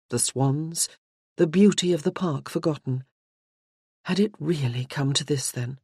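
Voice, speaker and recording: An audiobook narrator reading a novel in a measured, even storytelling manner. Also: mid-range voice, husky, dry recording, clean studio sound. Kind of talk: scripted narration.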